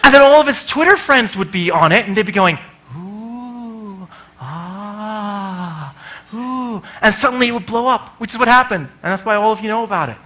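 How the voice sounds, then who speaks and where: Animated, bright-voiced male conference speaker. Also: sits high, racing, hardly any pauses. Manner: animated, swears freely, acts out voices. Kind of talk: comic conference talk.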